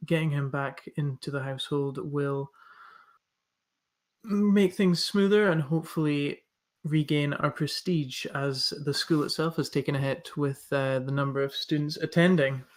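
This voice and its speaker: A man plays a proper, upstanding elder brother from a noble house of mages. He speaks in a slow, measured way, earnest and dutiful, with no put-on accent. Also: fairly high pitch, lightly acted. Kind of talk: in-character introduction at a tabletop game.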